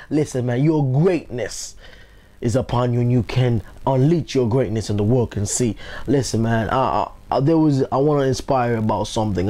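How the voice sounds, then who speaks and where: A man's voice: mid-range voice, warm tone. A man giving a motivational pep talk, rallying listeners with repeated call-and-response phrases and a preacher-like cadence. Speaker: motivational speaker.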